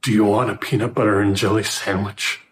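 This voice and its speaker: A man doing a raspy, croaking intruder. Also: on the low side, little pitch movement, fairly quick, lightly acted. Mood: irritated. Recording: roomy echo.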